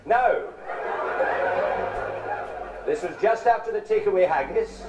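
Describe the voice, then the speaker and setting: A man's voice: high-pitched, expressive, heavy background noise. Wry man in his forties, joking on stage. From England. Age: 40s. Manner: wry, punning, with quick asides to the audience. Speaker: stand-up comedian. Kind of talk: music hall comic patter to a live audience. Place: large theatre. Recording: roomy, distant, dull 1970s theatre broadcast with audience laughter. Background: audience laughter.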